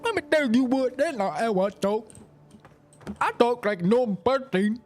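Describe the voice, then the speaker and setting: A man's voice: extremely high pitch, expressive, normal speed, soft background music, voice pushed up. A man impersonating a young woman friend with a Southern US accent who protests in an indignant, defensive tone.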